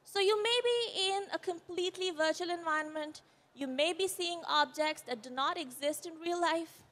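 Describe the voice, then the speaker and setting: A woman with an Indian English accent and a high-pitched voice speaks from a conference stage. Her delivery is earnest and explanatory. She is shaken after an accident, and a slight quiver runs through her voice. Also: a bit bright. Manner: earnest, explanatory, with brief apologies. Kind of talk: presentation talk.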